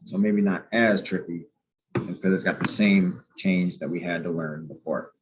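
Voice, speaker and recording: A man's voice: sits low, steady tone, moderate pace, muffled recording, noisy background. A man teaching a grammar lesson, explaining patiently and methodically and repeating key points. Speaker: Spanish teacher.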